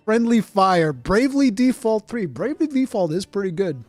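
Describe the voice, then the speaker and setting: Man, casual stream chat, rambling and profane, slightly high voice, dry sound. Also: animated, moderate pace, hardly any pauses, dry recording, faint music behind. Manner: rambling, profane, mock-indignant, swings from mumbling to loud outbursts. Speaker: streamer reacting to a game showcase. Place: home streaming setup.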